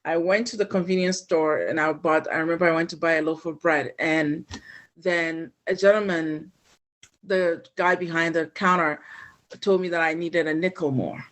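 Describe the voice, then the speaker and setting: A woman's voice: sits low, normal speed. Woman telling a personal story. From Ghana. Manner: animated, emotional retelling. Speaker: guest.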